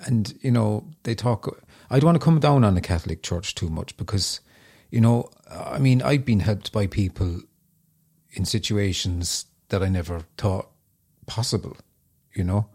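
Low, gravelly, husky man interviewing. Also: lively intonation, normal speed, a little mellow. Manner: hesitant, repeats words while searching for them. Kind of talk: casual conversational questions.

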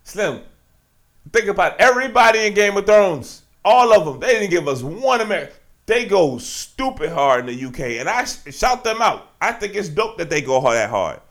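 Animated, gravelly-voiced man ranting. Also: sits high, moderate pace. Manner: slangy, animated ranting with frequent asides. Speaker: podcast host. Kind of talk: solo sports podcast monologue.

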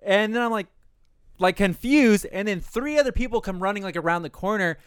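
A man telling stories in casual chat, swearing often and talking with animated energy. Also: sits high, a little fast, clean tone, no room sound, clean studio sound. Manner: profane, animated storytelling.

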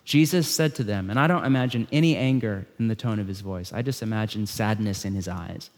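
A man preaching a sermon in a conversational style, swinging between loud emphasis and hushed lines. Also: on the low side, a little fast, hardly any pauses. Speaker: pastor. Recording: long hall reverb.

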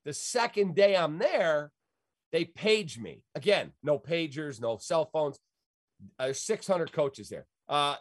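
Speaking slowly in a voice on the high side, this middle-aged man from around Chicago spins a casual, lively yarn, performing each character's lines himself. There's no echo, and the sound is studio quality.

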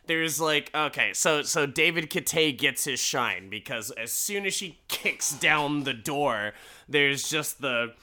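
A man casually recapping a show, animated and profane, breaking into quoted voices and laughing. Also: on the high side, slow pace.

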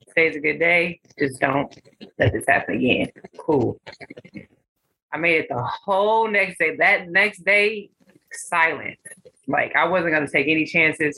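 Bright, husky-voiced woman telling stories. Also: low-pitched, poor audio. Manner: animated storyteller, acts out voices in her stories. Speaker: guest. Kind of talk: casual podcast chat, storytelling.

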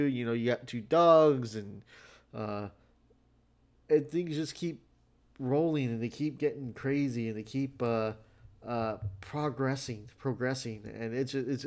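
A tired man talks through a casual solo podcast episode. He rambles loosely, restarting sentences and leaning on fillers. His voice sits at an ordinary middle pitch. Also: a little mellow. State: tired, yawning. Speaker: podcast host.

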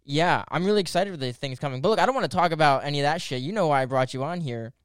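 A young man hosting a new podcast, chatting casually and excitedly, cursing and using lots of fillers. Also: on the high side, racing, clear, resonant tone, no room sound, clean studio sound. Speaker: podcast host.

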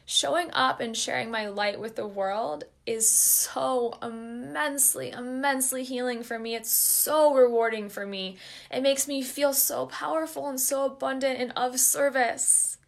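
Young adult female host, slightly high pitch, heartfelt solo podcast delivery, open and encouraging. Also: measured pace, vocal fry. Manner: earnest, open and encouraging, addresses listeners directly. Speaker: podcast host and wellness coach.

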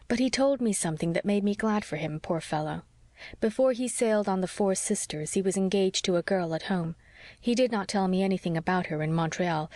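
A lonely, gentle young woman talks earnestly and confides, in a woman reader's own voice. The voice is low for a woman and dry. It is read close to the mic for a storybook. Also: dry recording, natural voice.

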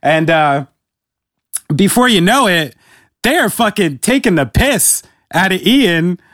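High-voiced New York man, dry close sound. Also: very animated, slow, fairly bright tone, dry recording. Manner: laid-back, laughs often, swears casually. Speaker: podcast host. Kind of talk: casual chat.

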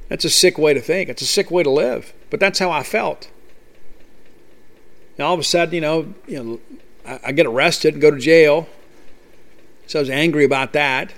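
A man's voice: on the high side, normal speed, pauses often, a bit bright. A man hosting a podcast, talking earnestly and conversationally about his recovery with frequent fillers. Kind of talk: personal recovery talk.

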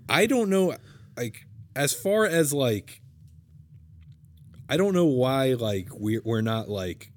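A man's voice: mid-range voice, expressive, slow pace, long pauses. A young man chatting casually as a podcast co-host, hesitant and trailing off often. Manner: hesitant, many fillers and trailing off. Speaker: podcast co-host, band member. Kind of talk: casual chat.

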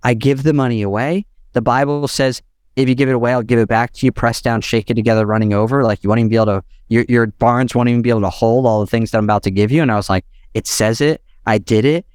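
A young adult man telling a long personal story as a podcast guest, animated and quick, peppered with "like" and "literally". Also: medium pitch, clean tone, no room sound, clean studio sound. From United States. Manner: animated, fast-talking, heavy use of "like" and "literally".

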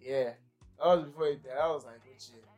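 A young Nigerian man co-hosting a podcast in casual chat, animated, often laughing and mixing in pidgin. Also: mid-range voice, brisk, soft background music. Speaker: podcast co-host.

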